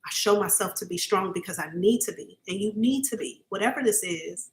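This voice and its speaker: Speaking briskly with few pauses at a medium pitch, a female psychic reads for her livestream viewers. Her delivery is casual and emphatic, peppered with "okay?" check-ins, and she is earnest, openly emotional, and sometimes close to tears.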